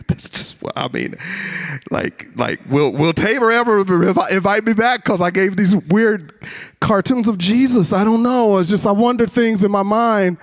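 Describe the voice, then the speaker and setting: High-voiced man preaching animatedly. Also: measured pace. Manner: animated storytelling, acts out voices. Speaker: chapel speaker. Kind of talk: sermon. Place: college chapel with a masked audience.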